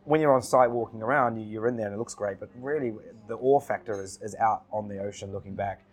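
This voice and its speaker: A man who is a podcast guest in casual chat, telling stories in a relaxed way, laughing often and repeating his words. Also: fairly low pitch, fast.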